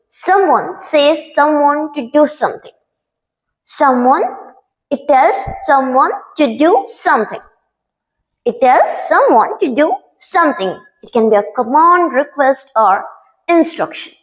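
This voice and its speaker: A woman's voice: high voice, sing-song, measured pace, low-quality recording. A young woman explaining an English grammar lesson as a teacher, patient and repeating key words.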